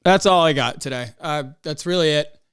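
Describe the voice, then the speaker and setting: A man's voice: a little high, normal speed, a bit bright, clean tone, no echo, studio quality. A young man hosting a solo podcast, ranting in a heated, profane way. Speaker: podcast host. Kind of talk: angry solo podcast rant.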